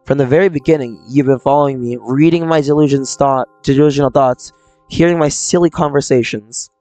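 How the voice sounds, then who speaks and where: Man voicing troubled young person, visual novel reading, quiet confessional delivery, faint game music behind. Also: medium pitch, fairly quick, no echo, natural voice. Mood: subdued. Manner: reading game lines aloud, subdued and confessional. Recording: dry close mic, faint game music.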